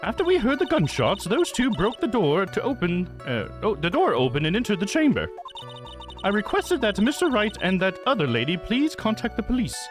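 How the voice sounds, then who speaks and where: A man's voice: high voice, wildly swooping pitch, brisk, over music, pitched above the performer's own voice. A man voicing a polite young woman testifying formally as a witness in a game. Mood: earnest. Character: polite young female spirit-medium witness.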